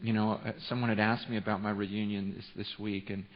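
A man's voice: lowish voice, flat delivery, brisk. A man around forty from California, preaching a sermon as a pastor, telling an emotional story full of restarts. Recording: reverberant hall, dull sound.

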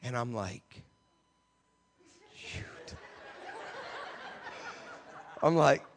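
A man preaching a sermon, telling an animated story and acting out the voices in it. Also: mid-range voice, a little fast, slight background noise.

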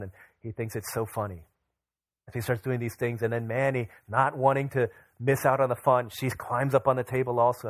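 A young male pastor with a mid-range voice, recorded with no room sound, preaches a sermon built around a family story, acting out his children's voices as he goes.

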